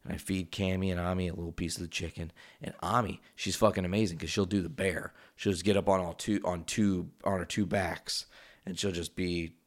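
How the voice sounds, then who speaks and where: A man's voice: low-pitched, steady tone, fairly quick. A man hosting a casual solo podcast from his home, rambling and swearing freely as he drifts off on tangents. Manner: rambling, profane, goes off on tangents. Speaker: podcast host.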